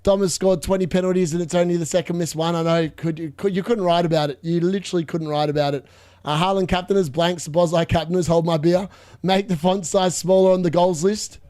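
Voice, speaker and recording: A young man hosting a live fantasy football watchalong, excitable and gloating, laughing often and repeating himself. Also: on the high side, quick pace. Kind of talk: live stream commentary.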